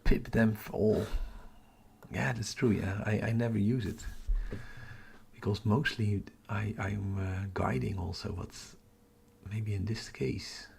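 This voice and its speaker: A man, hosting a live telescope stream in a hushed whisper, halting and correcting himself as he works outdoors at night. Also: lowish voice, fairly even intonation, creaky, breathy edge. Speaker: astrophotography livestream host.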